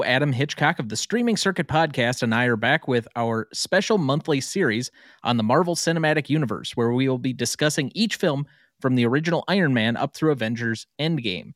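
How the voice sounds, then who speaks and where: A man hosting a casual movie podcast, briskly running the segments and breaks. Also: mid-range voice, animated, no echo, studio quality. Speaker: podcast host.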